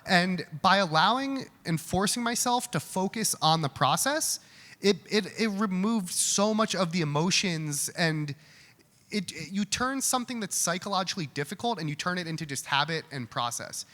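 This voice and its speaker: At a live Q&A in an event hall, a man fields audience questions candidly and conversationally, often restarting his sentences. His voice is high-pitched and sharp, with lively intonation and a moderate pace. The recording has hall reverb and faint room noise.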